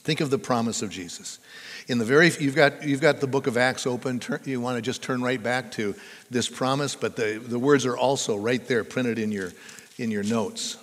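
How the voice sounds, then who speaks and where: A man's voice: mid-range voice, moderate pace, fairly bright tone. An older man preaching as a pastor, telling stories in a chatty, conversational way and drawing the congregation in. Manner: conversational, chatty storytelling that draws the audience in. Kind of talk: sermon. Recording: long reverb of a large hall.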